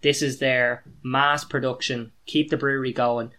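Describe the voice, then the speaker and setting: Bright-voiced Irish guy reviewing beer. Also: medium pitch, flat delivery, moderate pace. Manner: chatty, joking, reviewing beer. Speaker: beer podcast co-host. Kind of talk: casual chat.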